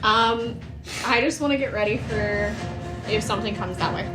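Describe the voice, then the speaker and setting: A woman playing in a tabletop game, excitable and given to loud exclamations and swearing. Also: medium pitch, moderate pace. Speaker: player. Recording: echoey room with loud music behind.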